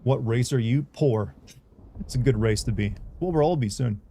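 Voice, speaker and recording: A man's voice: medium pitch, moderate pace, vocal fry, dark tone, a little hiss or hum. A young man chatting casually on a livestream, rambling and candid as he talks to his viewers.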